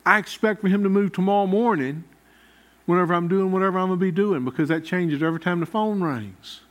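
A high-pitched man delivers a sermon. As the pastor, he preaches in a folksy, conversational manner, talking straight to the congregation. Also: fast talker.

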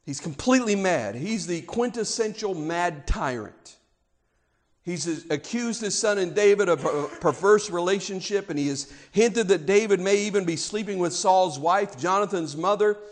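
A man preaching a sermon, emphatic, dropping to a hush and then rising loud. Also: high voice, lively intonation, moderate pace. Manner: emphatic, swings between hushed and loud.

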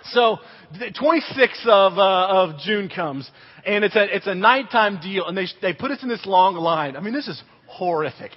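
A man's voice: high-pitched, moderate pace. A man preaching a sermon, telling a childhood story with acted-out voices before teaching on faith. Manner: animated storyteller, acts out quotes. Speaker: pastor. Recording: dull reverberant hall recording.

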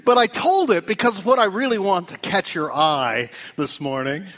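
A male pastor preaching a sermon, telling stories with big rises in pitch and dropping low and soft to stress key points. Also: very animated, normal speed. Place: church.

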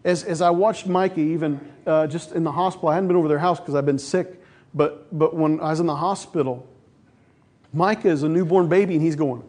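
A middle-aged man with a fairly high, brisk voice preaches as a pastor. His sermon is animated storytelling, with quoted voices acted out along the way.

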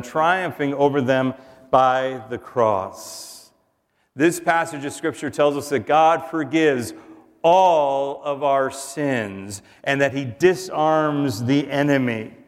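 A man pastor preaching a sermon, earnest, and dropping to a soft hush on the tender lines. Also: a little high, long reverb tail.

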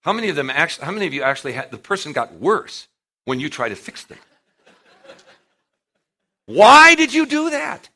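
A man in his fifties preaching to a congregation, his voice very bright with a lively, swooping pitch. He tells personal stories with sudden jumps in volume. He acts out the quotes along the way. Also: fast talker. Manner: animated storytelling, acting out quotes with big swings in loudness. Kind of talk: sermon.

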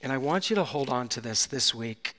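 A male pastor preaching a sermon with passion, swinging from soft, hushed moments to loud, climactic peaks. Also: mid-range voice, lively intonation, a little fast. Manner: impassioned, builds to loud climaxes, drops to soft near-whispers. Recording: long hall reverb.

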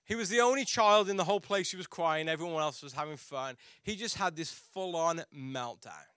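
A man's voice: fairly high pitch, a little fast, a bit bright, clean tone, dry recording, studio quality. A man preaching a sermon as a pastor, telling a personal story in a chatty, self-mocking way with frequent restarts.

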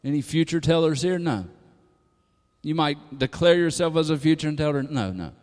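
A man preaching a sermon to a congregation, moving from hushed lines to loud, emphatic calls. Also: on the high side, moderate pace. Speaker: pastor. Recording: long hall reverb.

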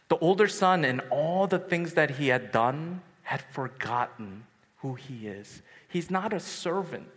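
A man preaching at a youth retreat, telling stories in an animated way and acting out voices. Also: medium pitch, measured pace, husky. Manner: animated storytelling, acts out voices. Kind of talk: sermon. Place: large hall at a retreat. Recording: echoey hall.

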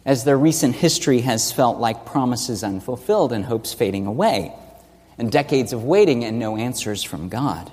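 A man's voice: medium pitch, expressive, normal speed, a little mellow, breathy edge. A man preaching an expository sermon, teaching earnestly and asking rhetorical questions. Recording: long reverb of a large hall.

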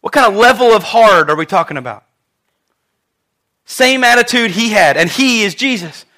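Bright high-voiced male preacher. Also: moderate pace. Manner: animated storytelling with questions to the congregation. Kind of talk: sermon.

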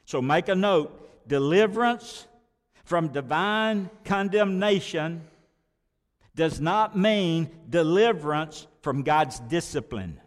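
A man delivers a sermon from the pulpit, his voice sitting a little high for a man. He drives points home with repeated words, rising to loud declarations and dropping to soft asides. The sound rings out in a church hall with a long reverb. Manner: emphatic preaching with repeated words and sharp swings in volume. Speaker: pastor.

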